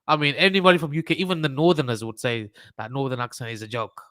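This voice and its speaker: A man's voice: medium pitch, steady tone, fast talker, fairly bright tone, no room sound, clean studio sound. A man with a Birmingham accent hosting a trading livestream, talking through charts in a rambling, casual way, swearing and joking with his chat. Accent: Birmingham English.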